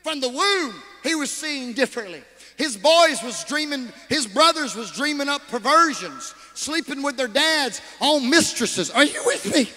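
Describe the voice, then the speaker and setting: A man preaching a sermon, swinging from shouts to hushed asides and calling out to the congregation. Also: very high-pitched, animated, unhurried, big-room sound. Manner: calls out to the congregation.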